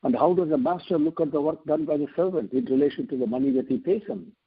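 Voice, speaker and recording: Husky man teaching over a phone line. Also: a little high, fast. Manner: earnest, repeats and restarts phrases as he explains. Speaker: spiritual teacher. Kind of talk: devotional scripture discourse. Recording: telephone line.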